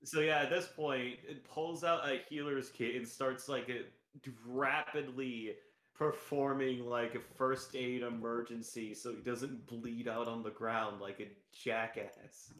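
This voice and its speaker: A man's voice: mid-range voice, steady tone, measured pace, a bit bright. A man playing a tabletop role-playing game, talking casually with lots of fillers. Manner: rambling, lots of fillers, laughs often. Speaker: player. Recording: echoey room.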